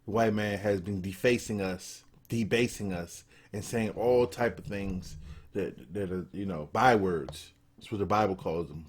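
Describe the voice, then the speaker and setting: Blunt husky-voiced man ranting. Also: on the low side. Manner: blunt, profane, emphatic, repeats for emphasis. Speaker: political commentator. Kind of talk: casual video commentary.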